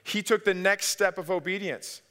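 A middle-aged male pastor preaching a sermon, lively in his storytelling and acting out family voices. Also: sits high, normal speed, clean tone. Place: church sanctuary. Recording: long hall reverb.

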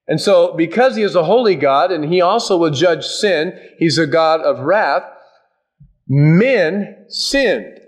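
A man preaching a sermon in an emphatic, folksy, animated way. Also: a little high.

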